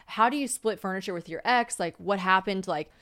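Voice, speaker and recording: A young woman hosts a casual podcast chat at a middle pitch. She tells stories with animated energy, acting out what people said and swearing freely. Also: a little fast. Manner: animated storytelling, acting out quotes, frequent swearing. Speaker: podcast host.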